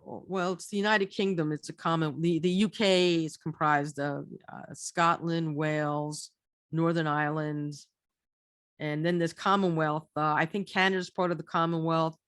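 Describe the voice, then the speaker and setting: A woman's voice: low-pitched, steady tone, moderate pace, fairly bright tone, dry recording, clean studio sound. A woman telling a casual travel story, chatty and rambling, restarting her phrases often. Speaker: storyteller recounting a trip.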